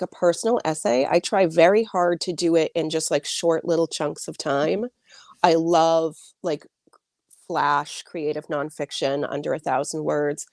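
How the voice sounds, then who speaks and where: Female author guest, lowish voice, dry sound, chatty and rambling on a video call. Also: darkish tone, no room sound. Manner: chatty, many likes and restarts. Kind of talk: casual interview answers.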